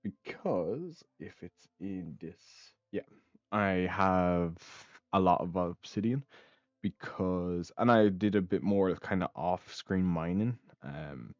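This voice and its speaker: Young male let's-play host, low-pitched, hesitant and offhand, dry muffled home mic. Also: takes it slowly, no echo. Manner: rambling, many ums and uhs; casual, swears offhandedly. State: hiccups. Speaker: gaming channel host. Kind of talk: casual let's play commentary.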